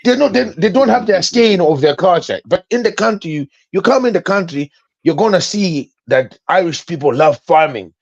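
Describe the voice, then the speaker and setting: Excited guy on a podcast, talks in circles, kinda muffled lo-fi sound. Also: high voice, normal speed, creaky. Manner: animated, repeats himself when excited. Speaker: podcast panelist. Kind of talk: casual podcast chat.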